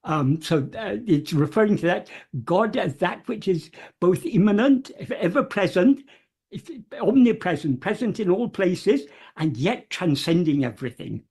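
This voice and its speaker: A speaker giving a careful, word-by-word explanation, pausing often with fillers and gently repeating key terms. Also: medium pitch, lively intonation, breathy edge. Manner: hesitant, many pauses and fillers, gentle repetition of terms. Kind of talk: slow, careful explanatory talk.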